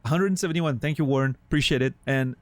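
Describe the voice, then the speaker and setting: A man's voice: medium pitch, fast, no echo. A man streaming live, chatting casually with his viewers and thanking them, on a studio condenser microphone.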